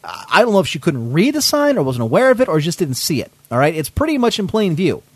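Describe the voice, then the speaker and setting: Man, podcast host, indignant storytelling, lively pitch, dry close sound. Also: quick pace, husky, no room sound. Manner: animated, indignant, swears often. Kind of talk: casual storytelling.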